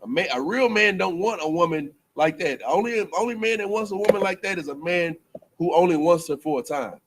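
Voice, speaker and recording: A man with a high, lively voice talks fairly quickly while giving a casual, rambling preaching talk to a group, full of slang and repeated phrases. Background noise can be heard.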